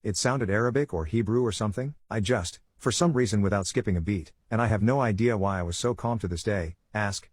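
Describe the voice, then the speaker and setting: A male narrator reads a first-person online story at a quick, steady clip. His voice sits somewhat low and sounds husky. The sound is dry and close. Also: no room sound.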